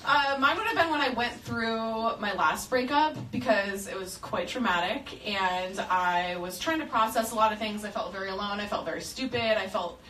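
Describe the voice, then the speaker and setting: A woman's voice: medium pitch, moderate pace, hardly any pauses, sharp tone, echoey room, far from the mic, slight background noise, low-quality recording. A woman co-hosting a chat podcast, joking and laughing easily. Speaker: podcast co-host. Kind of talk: casual chat.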